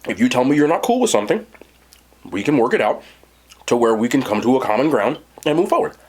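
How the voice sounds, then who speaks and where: With a husky voice and a quick pace, a man hosting his own mukbang tells a long story animatedly, pitch swinging up and down. He chats casually and straight to his viewers.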